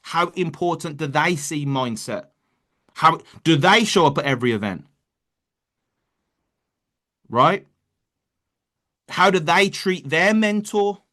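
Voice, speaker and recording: A man with a slightly higher voice gives a loose, off-the-cuff pep talk on a group call. He restarts his sentences often and talks to listeners like mates. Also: lively intonation, slow, long pauses, sharp tone. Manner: casual, repetitive restarts, says bro and man. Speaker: network marketing leader. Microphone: online call.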